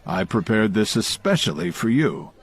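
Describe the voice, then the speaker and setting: A man's voice: on the low side, sing-song, normal speed. A man narrating an audio story voices a confident, generous male friend who insists on giving a gift. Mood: insistent.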